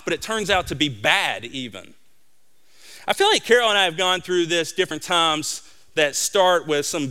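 A middle-aged man preaching a sermon, telling stories in an animated way and acting out the voices of the people in them. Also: high voice, clear, resonant tone. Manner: animated storytelling, acts out voices. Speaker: pastor.

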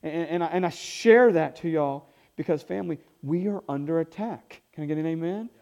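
A man preaching a sermon as pastor, energetic, with call-and-response and hushed storytelling. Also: fairly high pitch, fairly quick, vocal fry. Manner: drops to hushed tones when telling a story. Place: church.

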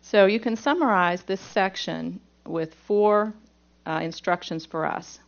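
A woman's voice: mid-range voice, measured pace, lo-fi sound. Woman teaching a Bible lesson. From Pittsburgh. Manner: reads scripture aloud, then explains it plainly step by step. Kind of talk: Bible lesson with scripture reading.

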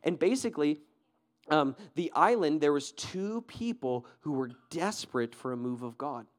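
A man's voice: fairly high pitch, expressive, normal speed. A male pastor giving a sermon, telling a story in a loose, conversational way, often checking in with "right?" and laughing.

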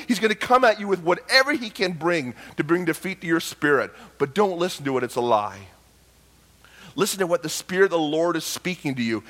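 Male pastor, middle-aged, high-pitched voice, emotional sermon delivery that drops to a hush and rises to loud calls. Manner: emotional storytelling, swings from hushed to loud.

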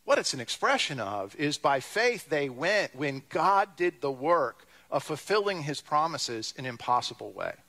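A man's voice: a little high, normal speed, hardly any pauses. A man preaching a sermon, reading scripture and retelling it with wry humor and acted-out voices. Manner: lively, wry, acts out quoted voices. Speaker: pastor.

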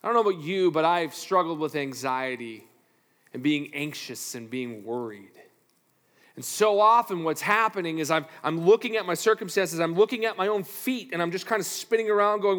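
A man preaching a sermon as a pastor, animated and playful, swinging from loud to hushed with self-deprecating asides. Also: fairly high pitch, moderate pace. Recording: reverberant hall.

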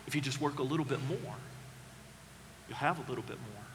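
A man preaching a sermon, dramatic, acting out quoted voices and swinging from loud to hushed. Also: mid-range voice, lively intonation, fairly quick, long reverb tail, slight background noise. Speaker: pastor.

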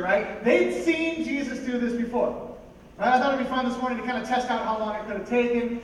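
A high-pitched man preaching a lively, conversational sermon and throwing questions out to the congregation. He is picked up from a distance in a large church hall with heavy echo, long reverb and clear background noise. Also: fast talker. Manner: conversational, animated, asks the audience questions. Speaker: pastor.

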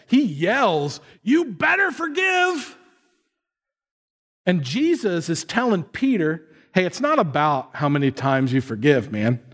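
Conversational male pastor preaching. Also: sits high. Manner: conversational, asks the audience questions. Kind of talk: sermon.

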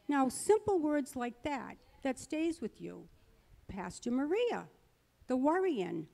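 A woman's voice: sits high, very animated, slow pace, gravelly, warm tone, big-room sound. A middle-aged woman giving a personal testimony at church, earnest and conversational, rambling a little as she talks. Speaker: church speaker.

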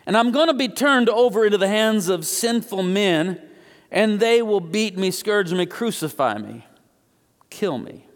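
Earnest teacher calling his followers close, lively pitch, a preacher doing him, echoey. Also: unhurried. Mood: solemn. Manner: earnest and emphatic, repeating calls. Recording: echoey hall.

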